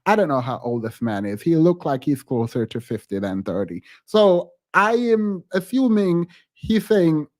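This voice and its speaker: Exasperated male host, slightly high voice, reaction commentary. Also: big pitch swings, measured pace, hardly any pauses, a little mellow. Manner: skeptical, exasperated, thinking aloud.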